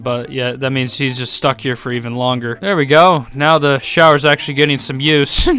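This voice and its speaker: A young man giving casual, joking commentary over a life-sim game, laughing often and breaking into high squeaky laughter. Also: a bit bright, smooth. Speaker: gaming YouTuber. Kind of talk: casual Let's Play commentary. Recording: faint game music behind.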